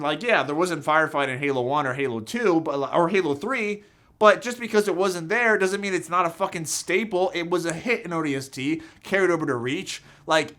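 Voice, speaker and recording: A young man vents in a bright, forceful voice that sits a little high for a man. He talks with raw emotion and heavy swearing, and he often stops and restarts his sentences. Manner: heated, profane, emotional, with frequent restarts. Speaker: gaming commentator. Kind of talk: passionate rant.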